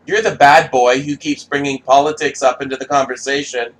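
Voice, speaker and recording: A man's voice: medium pitch, fairly even intonation, fairly quick, a bit bright, voice pushed up, lightly acted, poor audio. A man voicing a nagging critic, mocking him with whiny, repetitive questions. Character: nagging, exasperated male critic of his videos.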